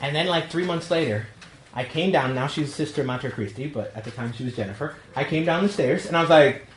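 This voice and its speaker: Joking New York priest in an echoey room. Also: male voice, a little high, expressive, racing. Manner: storytelling, jokey, acts out quotes. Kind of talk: talk to a young adult group. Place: meeting room.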